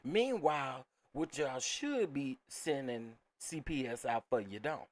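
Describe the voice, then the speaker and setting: A man's voice: medium pitch, lively intonation, unhurried. A man hosting a casual reaction commentary, talking emphatically to his viewers and repeating phrases. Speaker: commentary channel host.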